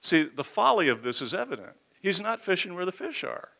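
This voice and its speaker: A man's voice: high voice, sing-song, brisk, vocal fry, pushed and bright. A man preaching an expository sermon in an emphatic, conversational way, with rhetorical questions and folksy asides.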